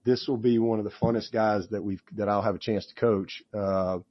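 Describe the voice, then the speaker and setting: A man's voice: on the low side, fairly even intonation, moderate pace, dull audio. A man, a head football coach, answering press conference questions with enthusiasm, rambling and restarting his sentences.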